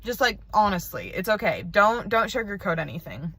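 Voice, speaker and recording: A woman's voice: mid-range voice, big pitch swings, normal speed, a bit bright, slightly rough, dry recording. A teenage girl records a casual video message from her parked car, rambling and chatty with plenty of "like.". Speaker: video pen pal.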